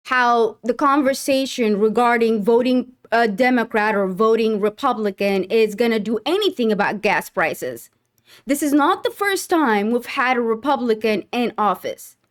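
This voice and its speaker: Casting: high, slow-spoken woman reacting with sarcasm and indignation. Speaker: commentator. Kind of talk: reaction commentary.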